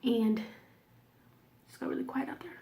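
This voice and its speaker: A woman's voice: high-pitched, normal speed, creaky, warm tone. A woman in her twenties telling a personal story to camera in a casual, candid way, swearing freely and sometimes dropping almost to a whisper. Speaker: vlogger.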